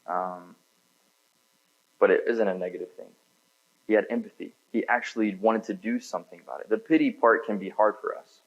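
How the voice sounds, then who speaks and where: A man's voice: on the low side, a little fast, dull audio. A man giving a sermon in a church, preaching in a casual, conversational way with frequent filler words. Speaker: pastor.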